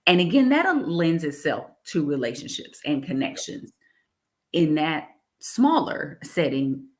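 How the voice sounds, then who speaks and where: A woman talking in a casual interview, animated, laughing often and repeating her phrases. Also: sits low, unhurried. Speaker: guest, executive director.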